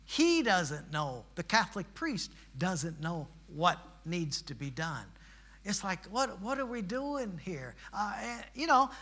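High, bright-voiced preacher telling a story. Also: male voice. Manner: builds to emphatic preaching peaks, folksy asides. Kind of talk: sermon storytelling.

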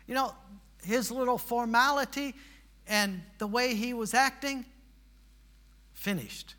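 A man's voice: very high voice, takes it slowly, long pauses, sharp tone. A male preacher telling a missionary story in a sermon, with folksy asides and rising to emphatic preaching.

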